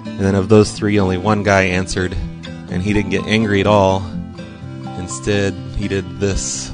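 Laid-back American host, low voice. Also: male voice, little pitch movement, moderate pace, music in the background. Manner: laid-back, rambling, offhand. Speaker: host of a phone prank show. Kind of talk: casual radio show talk.

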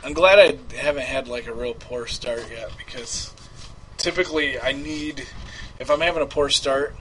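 A man's voice: medium pitch, normal speed, a bit bright, slight background noise, low-quality recording. A man hosting a casual live prank call show, loose and laughing, swearing freely. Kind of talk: casual live-stream chat.

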